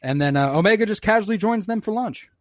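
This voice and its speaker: A man's voice: high voice, lively intonation, fast talker, no echo, studio quality. A young man hosting a casual podcast, recapping an episode in a rambling way full of fillers and swearing. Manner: rambling, swearing, many uh's and likes. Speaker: podcast host.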